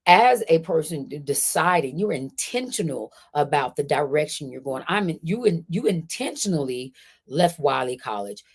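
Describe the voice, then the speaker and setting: A woman's voice: deep voice, lively intonation, normal speed, husky. A woman hosting a conversational interview, emphatic and repeating her key words as she lays out a guest's story. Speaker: host.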